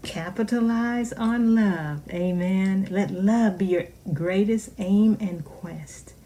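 Fervent woman preacher, loud then whispering. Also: medium pitch, takes it slowly. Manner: fervent, swings from loud exclamations to hushed whispers. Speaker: minister. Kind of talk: sermon.

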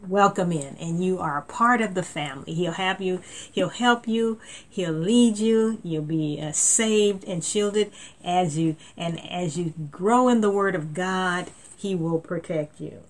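Woman preaching, lowish voice, earnest, keeps repeating words. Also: unhurried. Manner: reads scripture aloud. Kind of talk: sermon.

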